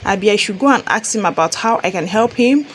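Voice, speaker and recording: A woman's voice: mid-range voice, lively intonation, fast talker, a little hiss or hum, lightly acted. Woman reading as a cheeky Nigerian young wife. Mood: sassy. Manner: sassy, mocking.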